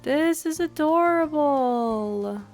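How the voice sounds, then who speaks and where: A fairly high-pitched woman talks slowly through casual game commentary and gushes over everything she sees. She clears her throat and sniffs now and then. Soft music plays faintly behind her. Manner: gushing, excitable, frequent exclamations. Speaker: gaming video host.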